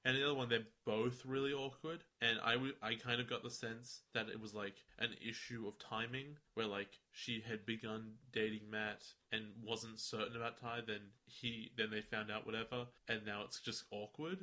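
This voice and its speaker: A man co-hosting a podcast, talking in a loose, casual way. His voice is bright and forward, and he gets animated when acting out lines in playful voices. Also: lowish voice, moderate pace, few pauses. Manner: animated, acts out quoted lines in funny voices. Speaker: podcast co-host. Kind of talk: casual chat.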